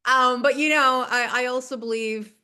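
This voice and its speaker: High-voiced, chatty woman host in her fifties. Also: steady tone, moderate pace, pushed and bright, clear, resonant tone. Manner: laughs often, teasing and chatty. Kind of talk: casual interview chat.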